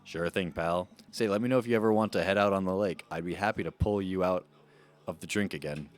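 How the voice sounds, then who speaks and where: A man doing a gruff, teasing dad in a cartoon-bear drawl. The voice sits deep and slow. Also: lightly acted.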